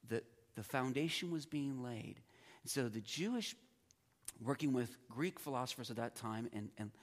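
A man teaching a Bible class in a conversational way, sometimes acting out his students' puzzled reactions. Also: medium pitch.

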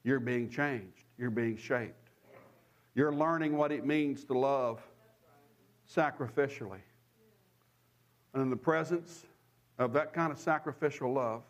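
A man preaching a sermon as a pastor, telling stories with chuckles and repeating phrases for emphasis. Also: mid-range voice. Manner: animated storytelling with chuckles and asides.

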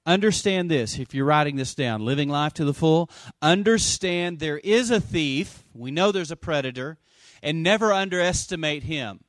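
A man's voice: fairly high pitch, animated, moderate pace, no room sound. Conversational preaching man, dry sound. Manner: conversational, swings between loud emphasis and quiet asides; asks the congregation for amens. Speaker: pastor. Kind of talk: sermon.

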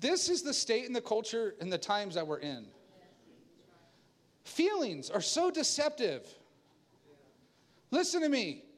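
Animated, high-pitched preaching man. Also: a little slow, long pauses. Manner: animated, jumps into a higher voice to act out quoted people; conversational preaching with asides and laughs. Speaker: pastor. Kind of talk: sermon.

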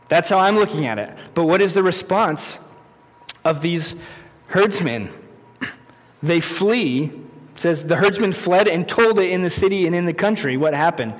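A man with a somewhat high voice preaches a sermon to his congregation. He talks in a loose, conversational way, restarting phrases and slipping into the voices of the people in his story. His words ring out with the long reverb of a large hall. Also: expressive, normal speed. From United States. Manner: conversational, with self-corrections and acted-out quotes. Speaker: pastor.

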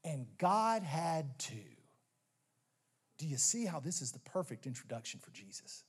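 A man preaching a sermon as pastor, animated, swinging between loud emphatic lines and low slow ones, with stammered restarts. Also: husky.

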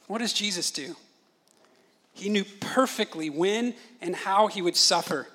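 A man in his thirties preaches with a high, ringing voice. His sermon is animated and full of storytelling, and he briefly acts out other people's voices as he goes. He sounds bright and forward. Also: unhurried. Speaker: pastor.

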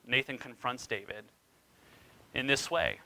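A man's voice: medium pitch, lively intonation, measured pace, creaky, sharp tone, rough recording. A man preaching a sermon as pastor, retelling scripture dramatically with wide swings in emphasis.

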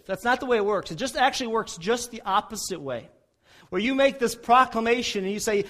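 Emphatic high-voiced male pastor preaching. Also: expressive, fairly quick. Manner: emphatic, rising loud in acted prayers and dropping soft for appeals. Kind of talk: sermon.

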